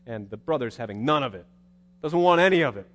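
A man's voice: mid-range voice, lively intonation, fast talker. A male preacher giving a sermon in a conversational, wry storytelling manner. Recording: long hall reverb.

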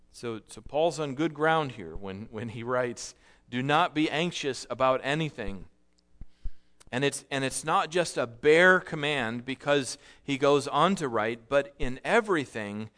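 A man preaching a sermon in an earnest, measured way, stressing key phrases and often repeating himself. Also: mid-range voice, a bit bright. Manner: earnest, measured preaching with frequent repetitions and restarts. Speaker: pastor.

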